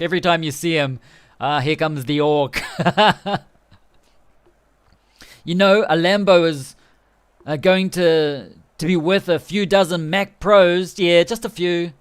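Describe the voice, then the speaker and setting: A man streaming a rugby management game live, chatting and commentating excitedly as the match plays out. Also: high voice, smooth. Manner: excitable, chatty, laughing often.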